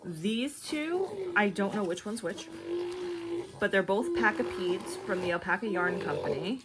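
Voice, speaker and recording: A woman's voice: mid-range voice, animated, measured pace. A young woman hosting a knitting video, talking in a chatty, rambling way with lots of fillers. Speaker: knitting podcast host. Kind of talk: casual chat.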